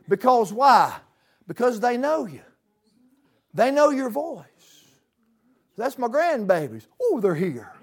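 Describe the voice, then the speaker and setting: High-voiced preacher. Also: male voice, big pitch swings, slow pace, long pauses, breathy edge. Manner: folksy, dramatic swings from loud to hushed. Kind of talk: sermon. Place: church.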